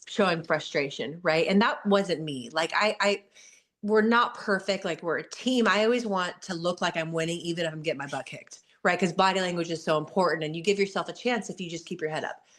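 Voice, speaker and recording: A woman in her forties, a guest athlete, answering questions in an earnest, candid motivational talk. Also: on the low side. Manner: earnest, warm-hearted, frequent "you know" and "like".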